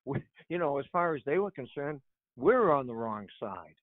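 An older man and author, a guest telling animated stories and chuckling, often repeating his words. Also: mid-range voice, normal speed, no echo. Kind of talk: conversational storytelling on a radio show. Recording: tinny phone line.

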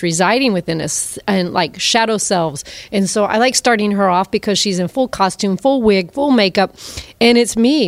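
A woman's voice: medium pitch, dry recording. A woman, a performer and teacher, answering interview questions in a candid, reflective way. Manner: reflective, candid, frequent fillers. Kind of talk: casual interview talk.

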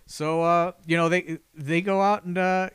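A man's voice: high-pitched, steady tone, measured pace, fairly bright tone, clean tone, no room sound, clean studio sound. A man hosting a casual podcast chat, telling a long, rambling anecdote with lots of "you know" and false starts. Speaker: podcast host telling a story.

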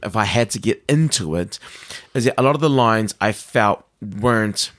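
A man's voice: on the low side, normal speed. New Zealand man, chatty podcast host. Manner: animated, laughs often, repeats words while thinking. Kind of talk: casual chat.

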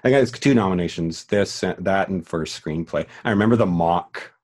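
Podcast host, male, lowish pitch, loose rambling delivery with frequent restarts. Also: normal speed, a little mellow. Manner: rambling, many restarts and fillers, swearing, emotional. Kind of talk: casual film discussion.

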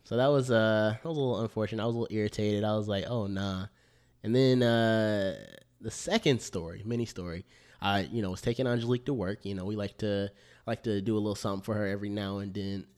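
Male podcast co-host, lowish voice, slangy storyteller. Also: fast talker, clean tone. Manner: slangy, animated storyteller, repeats "bro". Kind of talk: casual storytelling chat.

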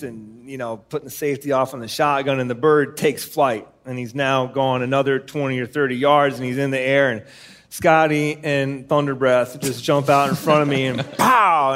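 A man with a slightly high voice tells a long, rambling anecdote on stage for a live podcast. He trails off with fillers and chuckles as he goes. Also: a bit bright. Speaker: podcast co-host.

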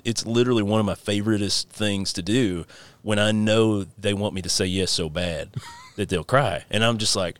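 A man's voice: fairly low pitch, normal speed. A man in his thirties hosting a casual podcast, rambling through stories with frequent laughs. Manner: laughs often, rambling and animated storytelling. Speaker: podcast host.

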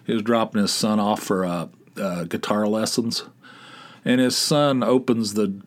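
A man hosting his own podcast, telling stories in a casual, rambling way. He interrupts himself often and laughs at his own tales. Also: fairly low pitch. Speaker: podcast host. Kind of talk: casual solo storytelling.

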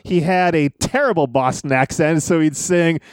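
Rambling man with a smooth voice. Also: on the high side, moderate pace, no room sound, clean studio sound. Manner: rambling storyteller, laughs often. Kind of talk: casual wrestling podcast chat.

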